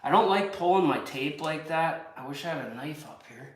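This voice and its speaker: High-voiced cursing builder in an echoey room. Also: male voice, animated, moderate pace. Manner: profane, grumbling, talks to himself and viewers. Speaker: building contractor. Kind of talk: casual work vlog, talking while working. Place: windowless building under construction, indoors. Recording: echoey room, distant mic, faint noise.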